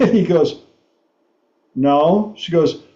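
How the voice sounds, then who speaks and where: A man hosting a talk show, telling a story slowly and haltingly, laughing often. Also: fairly high pitch, mellow, reverberant, dull audio. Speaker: host.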